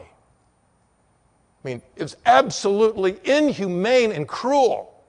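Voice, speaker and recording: A man delivering a church sermon in a slightly high voice. He shifts sharply between forceful, raised emphasis and hushed, slower passages. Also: expressive, big-room sound. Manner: dynamic, swings from loud emphatic peaks to quiet low storytelling. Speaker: preacher.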